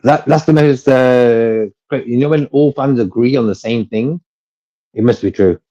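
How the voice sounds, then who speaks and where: A man's voice: medium pitch, moderate pace, mellow, muffled recording. A man co-hosting a fan livestream in casual chat, rambling, repeating himself and laughing often.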